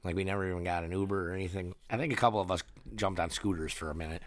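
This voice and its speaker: A man's voice: deep voice, steady tone, very fast, no echo. A man chatting casually, telling a trip story with frequent laughs and swearing. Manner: laughing storyteller, swears freely, acts out quotes. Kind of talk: casual chat.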